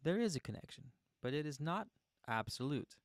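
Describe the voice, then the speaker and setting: Hosting a livestream, a man reads a book aloud and keeps breaking off to chat and joke playfully with his viewers. His voice is a little high and very animated, at normal speed, with guitar music and slight noise in the background.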